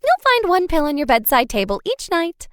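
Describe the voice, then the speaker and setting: Woman voicing a cheery sing-song hostess for an audiobook, high and bouncy. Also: wildly swooping pitch, moderate pace, no echo, studio quality, heavily acted. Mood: chirpy. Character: perky woman guide, chirpy hostess.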